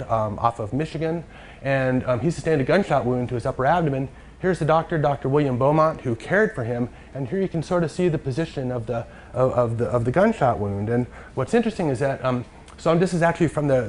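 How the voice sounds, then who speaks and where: A man giving a lecture from slides, halting and full of fillers and restarts. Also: medium pitch, darkish tone, a little hiss or hum.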